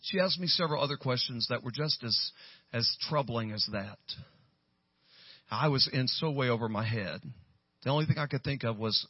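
A man's voice: normal speed, husky, dry recording, lo-fi sound. Pastor in his sixties, preaching. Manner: builds to loud, high-pitched preaching peaks. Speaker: guest pastor. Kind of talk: storytelling sermon.

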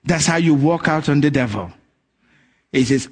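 A male pastor delivering a sermon in a somewhat high voice. He tells stories with energy and acts out the voices of the characters. His delivery is lively and direct, pitched to a congregation. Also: moderate pace, long pauses, breathy edge. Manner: animated storytelling, acting out quoted voices.

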